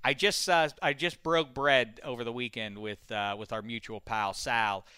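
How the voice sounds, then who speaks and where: A man's voice: medium pitch, normal speed, clean tone, no echo, clean studio sound. A man hosting a sports radio show, chatting casually and jokingly with many restarts. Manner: animated, jokey, many restarts.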